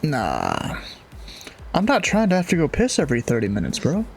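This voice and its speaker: A man's voice: on the high side, wildly swooping pitch, normal speed, creaky. A male streamer in easygoing casual chat, slipping into pilot radio calls. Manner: laid-back, slangy, chatty. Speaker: streamer flying online as pilot.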